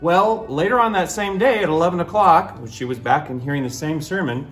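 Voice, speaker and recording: A man from the church sharing an animated, fond remembrance of a late member. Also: a little high, fairly quick, faint music behind. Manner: warm, animated storytelling with laughter. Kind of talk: spoken remembrance.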